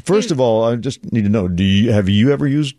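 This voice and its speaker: A man's voice: mid-range voice, lively intonation, brisk, warm tone, dry recording. A man hosting a morning radio news show, chatting with a skeptical, teasing manner in a studio. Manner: dry, skeptical, teasing banter. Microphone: studio microphone.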